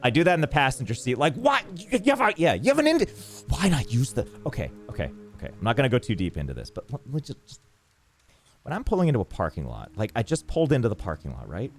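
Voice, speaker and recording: A man's voice: mid-range voice, quick pace, faint music behind. A man streaming a game and chatting casually, telling ranting stories and answering chat. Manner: animated ranting storyteller, reads chat.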